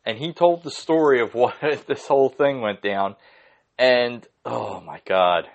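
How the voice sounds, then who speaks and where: A young man hosting his own podcast, ranting casually in an excitable, profane, rambling way. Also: medium pitch, a little slow, lo-fi sound. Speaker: podcast host. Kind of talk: casual solo podcast rant.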